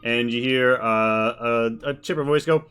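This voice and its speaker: A man's voice: mid-range voice, unhurried, a bit bright, clean tone, soft background music. A man running a tabletop role-playing game as game master, mixing casual rules talk and narration with many fillers.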